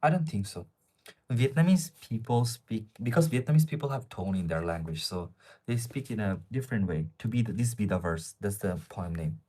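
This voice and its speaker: A young man in his twenties with an Asian accent in English, talking in a low voice on a casual live stream. He reads out viewer questions and answers them off the cuff, rambling from one point to the next. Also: lively intonation, a little fast, dark tone. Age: 20s.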